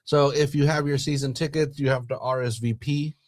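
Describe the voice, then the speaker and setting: A man's voice: medium pitch, fairly even intonation, a little fast, darkish tone, no echo, studio quality. A man co-hosting a live soccer fan show, joking around and reading out club news. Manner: jokey, laughs, reads out club announcements. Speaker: podcast co-host. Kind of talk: casual chat about local soccer.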